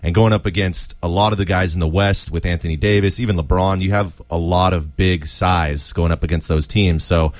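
A man with a very low voice chatting about sports as a podcast co-host. He talks in a steady, measured way with a few ums. The sound is close and dry. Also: dry recording. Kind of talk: casual sports chat.

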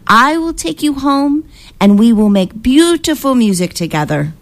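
A woman voicing a gentle old male composer in a read-aloud storybook, speaking tenderly and crying out in disbelief. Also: on the high side, sing-song, moderate pace, voice pushed up.

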